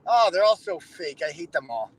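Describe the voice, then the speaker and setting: High-pitched, sarcastic man in casual chat. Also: big pitch swings, moderate pace, husky, low-quality recording. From Massachusetts. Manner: sarcastic, exasperated, mocks people in put-on voices. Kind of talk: casual profane commentary chat.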